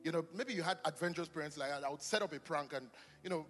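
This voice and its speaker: A man's voice: on the high side, very fast. A male pastor preaching a casual, joking sermon to a live congregation. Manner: animated, chatty, jokes with the congregation. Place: church hall with long reverb. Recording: live church hall reverb.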